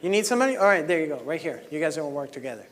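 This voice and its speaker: A man leading a live motivational workshop on a microphone, energetic and coaxing, shouting encouragement at the group. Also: a little high, rapid-fire. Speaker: workshop leader. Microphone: handheld microphone. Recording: long hall reverb.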